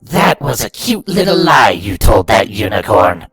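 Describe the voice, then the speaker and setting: A sneering, menacing inner voice, put on by a man reading a story aloud, slow and sharp-edged, swinging between hissing taunts and shouted accusations. It speaks in a bright, tense tone with a lively, rising and falling pitch. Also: breathy edge, soft background music, full character voice. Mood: mocking. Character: sinister inner voice, male, mocking and cruel.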